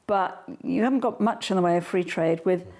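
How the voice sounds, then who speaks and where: Woman, older, lowish voice, interview guest, forthright, straight-talking. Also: brisk, a little mellow. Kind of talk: political interview. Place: at home.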